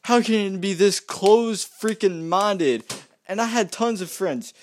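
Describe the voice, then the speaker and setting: A man's voice: high-pitched, measured pace, slight background noise. A man delivering a heated, exasperated rant to camera, often repeating himself and restarting his sentences. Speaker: vlogger. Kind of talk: heated ranting monologue.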